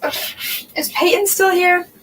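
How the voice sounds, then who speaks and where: High-voiced young woman rambling aloud. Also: monotone, a little slow. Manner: rambling, thinking aloud, frequent "like" and "um". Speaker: booktube host. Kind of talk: casual livestream chat while reorganizing shelves. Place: room at home with bookshelves. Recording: distant mic with faint background noise.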